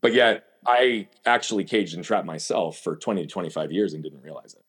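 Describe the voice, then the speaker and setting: A man's voice: sits low, a little fast, fairly bright tone, slightly rough. A man as an interview guest, telling his story candidly and emphatically and asking himself rhetorical questions. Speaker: podcast guest.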